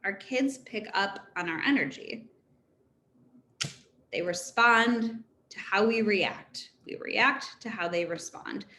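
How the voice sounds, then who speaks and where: Animated woman therapist in an echoey room. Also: medium pitch, slow. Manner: conversational and animated, laughs between points. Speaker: therapist speaking to a parent council. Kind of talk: informal presentation. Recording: echoey room with faint background noise.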